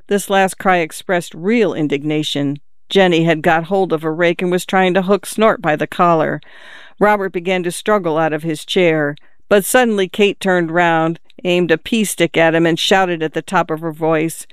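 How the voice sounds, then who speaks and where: A narrator reads a novel aloud at a measured, calm pace. The voice is smooth and resonant, sitting at a middle pitch. The recording is dry and close, with no room sound. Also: no room sound. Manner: measured, calm storytelling with lifted character voices. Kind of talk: audiobook reading of a novel.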